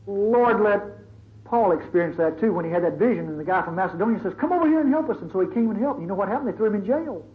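A man's voice: high voice, expressive, fast. A male preacher giving a sermon in a dramatic, conversational storytelling manner. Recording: tinny phone-like recording, faint hiss.

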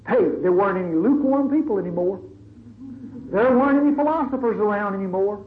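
A high-voiced man preaches a sermon, dramatic and conversational, acting out the stories as he tells them. The sound is thin and phone-like, with a faint hiss in the background. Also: expressive, fast.

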